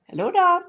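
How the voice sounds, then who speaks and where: A woman hosting a casual livestream, chatting and thinking aloud while she fiddles with settings. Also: phone-quality sound. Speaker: livestream host. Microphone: laptop or phone mic on a live call.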